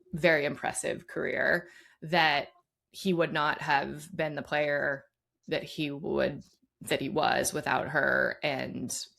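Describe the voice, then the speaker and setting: A woman's voice: deep voice, creaky, fairly bright tone. A woman co-hosting a sports podcast, talking casually with lots of fillers. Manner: chatty, many "like" fillers. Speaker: podcast co-host.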